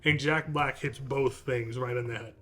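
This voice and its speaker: Male podcast co-host, casual and rambling, eager, mid voice, soft music bed. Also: mid-range voice, fairly even intonation, normal speed. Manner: rambling and enthusiastic, with lots of fillers. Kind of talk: casual chat.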